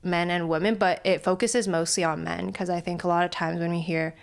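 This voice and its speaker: A woman's voice: fairly low pitch, steady tone, a little fast, gravelly. Reflective, laughing woman guest chatting. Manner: reflective, laughs often, speeds up when retelling stories. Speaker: podcast guest. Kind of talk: casual chat.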